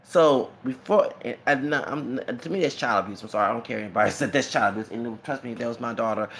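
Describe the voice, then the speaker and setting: A fast-talking Texas YouTuber with a mid-range voice rambles through a casual monologue, a little hiss or hum audible behind him. He stays animated, laughing often and tossing in many asides.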